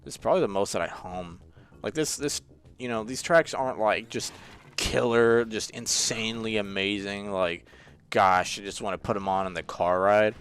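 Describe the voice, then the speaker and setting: With a lowish, clean, fairly bright voice and a moderate pace, a young gaming channel host chats casually while playing a video game. He wanders off on tangents, jokes around, gets frustrated easily, and uses many fillers.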